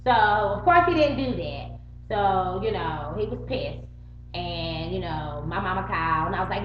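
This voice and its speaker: Telling a story directly to the camera, this middle-aged vlogger uses a mid-range, slightly bright voice at a moderate pace, full of expression. She curses freely and acts out both sides of the argument over soft background music, in a roomy, muffled home recording with a faint hum.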